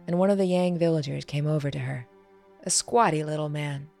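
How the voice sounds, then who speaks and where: A woman reads her own fantasy story in a measured storytelling manner. Her voice is low and gravelly with creaky edges, and the reading is carefully paced. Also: darkish tone, faint music behind. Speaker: author and narrator. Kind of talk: scripted fantasy narration.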